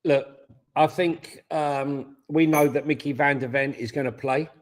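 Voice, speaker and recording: A man co-hosting a casual football watchalong, blunt and excitable, swearing at missed chances. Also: on the high side, a little slow. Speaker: co-host.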